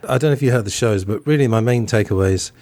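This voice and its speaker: A man's voice: mid-range voice, rapid-fire, a little mellow, dry recording. A man hosting a podcast in a casual review chat, talking loosely and hedging often. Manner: chatty and loose, hedges often. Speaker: podcast host.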